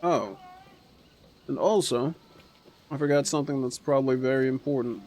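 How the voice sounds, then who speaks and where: A man streaming a game, chatting casually and flipping between low mutters and gleeful outbursts. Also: normal speed, a little mellow. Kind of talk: casual gameplay commentary.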